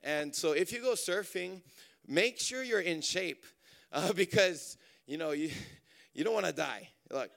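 Guy preaching, chatty storyteller, high smooth voice with some gravel. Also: a little slow. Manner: animated, chatty, many fillers and restarts. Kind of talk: storytelling sermon.

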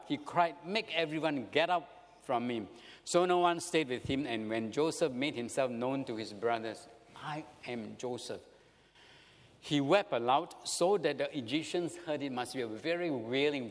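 A man with a Singaporean English accent preaching a sermon, animated and asking his listeners questions. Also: medium pitch. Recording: long reverb of a hall.

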